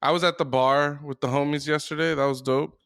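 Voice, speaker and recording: A man's voice: a little high, fairly even intonation, fairly quick, vocal fry, fairly bright tone, clear, resonant tone, no echo, studio quality. A man co-hosting a podcast, chatting casually in a laid-back, rambling, profane way. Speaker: podcast co-host. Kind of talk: casual chat.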